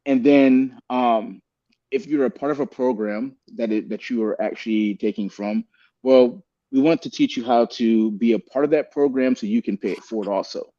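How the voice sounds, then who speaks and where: Earnest talkative man, mellow dark tone, muffled lo-fi recording. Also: mid-range voice, moderate pace. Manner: earnest, rambling, peppers speech with "man" and "bro". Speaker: guest. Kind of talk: candid podcast conversation.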